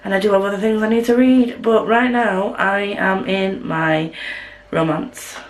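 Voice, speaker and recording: A woman's voice: mid-range voice, fairly even intonation, measured pace, rough recording. A woman from the north of England with a Yorkshire accent, chatting casually to camera at home in a rambling, self-deprecating way. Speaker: vlogger. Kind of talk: casual chat.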